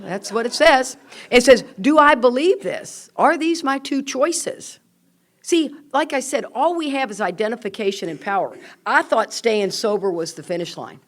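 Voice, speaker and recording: Older woman speaker at a recovery meeting, candid and animated, acts out her stories. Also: mid-range voice.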